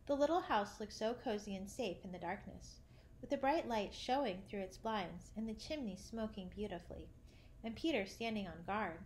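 A woman narrating a children's classic, reading gently and lifting her voice for the characters' lines. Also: medium pitch, normal speed, a little hiss or hum. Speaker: audiobook narrator. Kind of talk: storybook reading.

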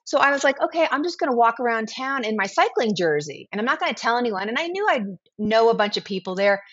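This chatty guest, a brand founder in her 40s, speaks fast with a fairly high pitch as she shares stories in a relaxed interview. She is animated and performs the quoted lines herself, and the lo-fi audio sounds slightly dull.

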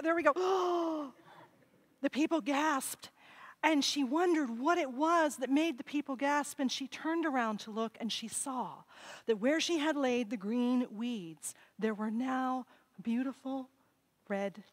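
A woman telling a legend to children during a church service, expressive and inviting them to join in. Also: high-pitched, poor audio. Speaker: children's sermon storyteller. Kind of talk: telling a story to children in worship. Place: church sanctuary.

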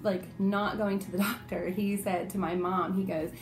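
A young woman vlogger telling a personal story in a casual, animated way, acting out the quotes as she goes. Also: medium pitch, moderate pace.

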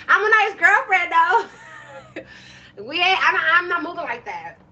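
A young woman, hosting a casual livestream, loud, brash and joking with viewers. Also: extremely high pitch, sing-song, slow, lo-fi sound. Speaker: livestream host.

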